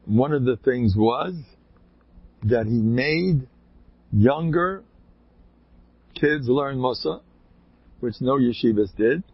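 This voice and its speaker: A man with a rough, gravelly, husky voice tells long rambling anecdotes and breaks into emphatic bursts. The sound is dry and close. It is a dull, lo-fi recording. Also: mid-range voice, lively intonation, slow pace, long pauses, no room sound. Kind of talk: casual spoken anecdotes.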